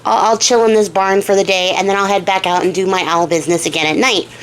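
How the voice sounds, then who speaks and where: A woman's voice: mid-range voice, steady tone, fast, smooth, close to an everyday voice, low-quality recording. A woman voicing a grumpy, laid-back female owl who talks in casual slang and gets annoyed easily.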